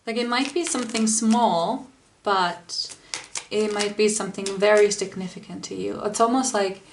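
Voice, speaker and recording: A young woman giving a gentle, giggly tarot reading to camera, with lots of fillers and small laughs. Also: mid-range voice, normal speed, gravelly, slight background noise. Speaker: tarot reader.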